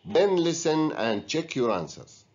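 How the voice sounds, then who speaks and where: Man, English teacher, patient instructions, slow pace, low voice, dull lo-fi sound. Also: big pitch swings, a little mellow. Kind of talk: recorded classroom lesson. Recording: dull lo-fi recording.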